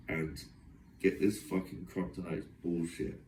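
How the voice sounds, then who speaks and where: A young man talks to the camera in a long, agitated monologue, moving from one grievance to the next in run-on fashion. His voice sits low with a level, darkish tone and a measured pace. The mic is distant in an echoey room, with slight background noise.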